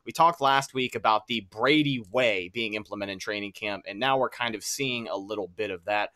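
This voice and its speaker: A man's voice: lowish voice, normal speed, bright, forceful tone, no echo, clean studio sound. Conversational man on a sports show. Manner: conversational, asks questions. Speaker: co-host. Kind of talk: casual sports talk.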